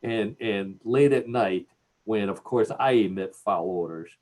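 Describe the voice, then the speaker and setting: A man's voice: fairly low pitch, unhurried, a little mellow. A man with a Cleveland accent hosting a radio show, joking and laughing at his own jokes. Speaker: radio host. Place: radio studio.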